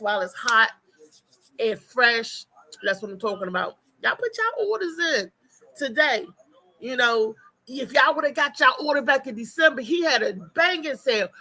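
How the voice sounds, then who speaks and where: Hosting a morning talk show, a woman chats casually and bluntly with listeners, repeating her points for emphasis and swearing freely as she talks straight to them. Her voice is on the high side with a sharp tone, in a low-quality recording.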